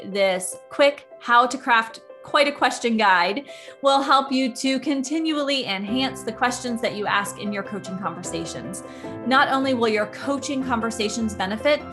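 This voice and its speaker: A woman hosting a coaching podcast, explaining question techniques in a calm, instructional monologue with everyday analogies. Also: on the high side.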